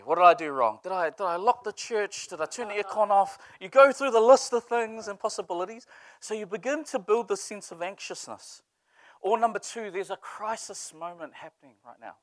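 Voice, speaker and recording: Nz preacher guy telling funny stories in a sermon, pretty high voice, dry sound. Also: dry recording. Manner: lively storytelling with humor. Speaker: pastor.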